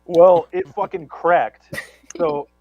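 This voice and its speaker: A man's voice: a little high, huge pitch swings, slow pace, gravelly, breathy edge, dull audio. A man telling a long story on a live talk show, rambling and profane, with many restarts and stammers. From Chicago area. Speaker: guest storyteller.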